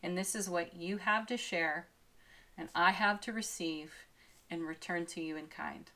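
A woman giving a daily tarot card reading, upbeat and effusive, with gentle laughs and soothing spiritual affirmations. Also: medium pitch. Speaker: tarot reader.

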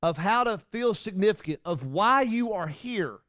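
A man's voice: high-pitched, animated, moderate pace, a bit bright, no room sound, clean studio sound. A man preaching a sermon to his congregation in a casual, folksy way, with many restarts and asides. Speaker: pastor. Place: church.

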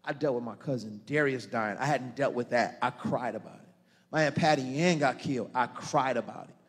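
A man preaching as a pastor in a church, telling a story in a hushed murmur and then building to loud, rousing preaching. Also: medium pitch, brisk, breathy edge. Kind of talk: sermon. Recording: long reverb of a church hall.

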